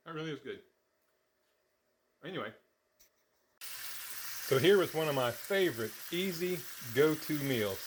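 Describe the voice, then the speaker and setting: A man hosting a casual how-to cooking vlog in his home kitchen, talking in a folksy, chatty way and sometimes eating as he speaks. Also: fairly high pitch. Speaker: diet vlogger.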